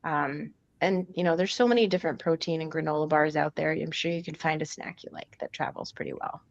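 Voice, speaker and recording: A woman's voice: deep voice, fairly even intonation, a little fast, no room sound. A woman coach giving casual nutrition advice on a group video call, chatty, with frequent laughs and ums. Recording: muffled video-call audio.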